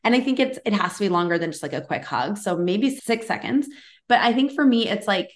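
A woman podcast host in her thirties, talking in a loose, chatty interview style. She gushes freely and strings her thoughts together with plenty of "like"s and quick restarts. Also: medium pitch, expressive. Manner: chatty and effusive, many "like"s. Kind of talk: casual interview chat.

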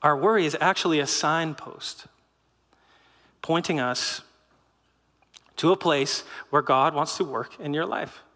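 A middle-aged man giving a sermon in a lively, conversational way, with rhetorical questions and short laughs. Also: a little high, a little slow, long pauses, in a large hall. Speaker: pastor.

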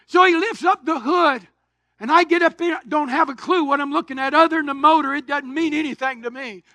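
Man, preacher, very high bright voice, dry close sound, lively sermon storytelling. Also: fairly quick, no echo. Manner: animated storytelling preacher, swings between shouts and quiet asides. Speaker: pastor. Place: church sanctuary.

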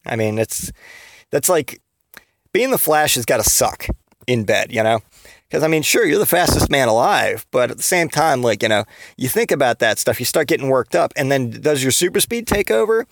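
A man's voice: medium pitch, very animated, normal speed, gravelly, no echo. Rambling, giggly man with a dry sound. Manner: rambling, giggly, lots of fillers and restarts. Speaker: podcast host. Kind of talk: comedic podcast monologue.

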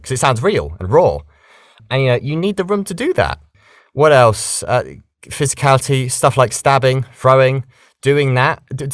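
Lively British man, low voice. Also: no echo, clean studio sound. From Britain. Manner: lively, chatty, animated explaining. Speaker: voice actor guest. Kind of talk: casual interview chat.

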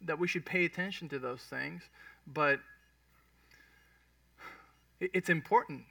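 Man, pastor, sermon, high bright voice, heard dry from a distance. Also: a little slow, vocal fry, no room sound. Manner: conversational, checks in with the congregation. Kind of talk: sermon teaching.

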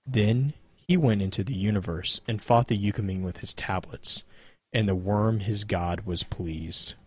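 Husky man solemnly reading a myth. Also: lowish voice, unhurried. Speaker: lore reader.

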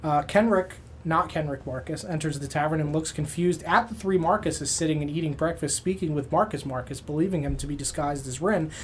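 A man's voice: on the high side, a little fast, few pauses, slight background noise. Man recapping a tabletop game, casual. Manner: casual, laughing often, many filler "uh"s. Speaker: game master.

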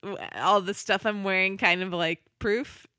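A woman's voice: medium pitch, steady tone, moderate pace, sharp tone, clear, resonant tone, dry recording, studio quality, natural voice. A woman voicing a blunt, proud female military veteran who speaks in an indignant, sarcastic way during a retold story. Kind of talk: casual storytelling.

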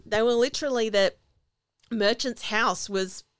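A woman, casually recapping a film as a podcast co-host and acting out quoted lines with animated storytelling. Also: on the high side, unhurried, clean tone, no echo.

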